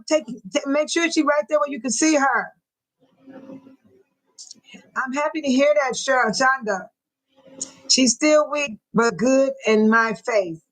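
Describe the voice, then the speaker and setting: An older woman hosting a casual livestream from home, talking straight to her viewers in chat, emotional and quick to bless and pray. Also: high voice, a bit bright, rough recording. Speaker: livestream host.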